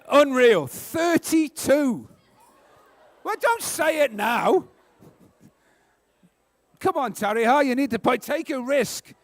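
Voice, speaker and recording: Male NZ quiz host, very high pitch, quick joking delivery, dry recording. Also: no echo. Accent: New Zealand. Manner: brisk, joking, sarcastic asides. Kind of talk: live school quiz hosting.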